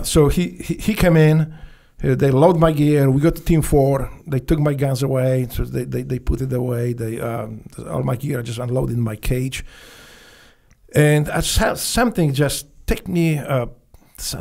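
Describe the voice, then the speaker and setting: Guest, male, Polish accent, gravelly and dark-toned, swears freely while he tells his stories. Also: medium pitch. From Poland. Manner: profane, animated storytelling with non-native grammar. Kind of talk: casual storytelling.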